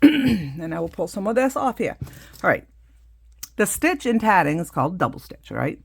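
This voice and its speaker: A woman's voice: mid-range voice, sing-song, normal speed, breathy edge. A middle-aged woman casually demonstrating a craft, chatty and full of asides as she works. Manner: chatty, explains hands-on with many asides. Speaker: craft teacher.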